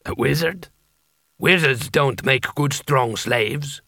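A man voicing a menacing male slaver leader who drawls slowly and mockingly. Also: medium pitch, bright, forceful tone, no room sound, studio quality.

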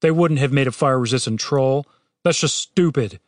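A man's voice: mid-range voice, normal speed, dry recording, clean studio sound, natural voice. A man doing a brash, foul-mouthed young guy. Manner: brash, profane, loud. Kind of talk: audiobook character voice.

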